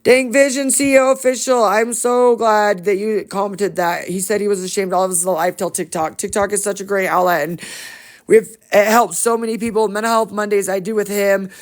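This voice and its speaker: A woman's voice: medium pitch, steady tone, normal speed. A woman on a phone livestream, greeting viewers by name in an affectionate, chatty, rambling way. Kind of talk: casual livestream shout-outs.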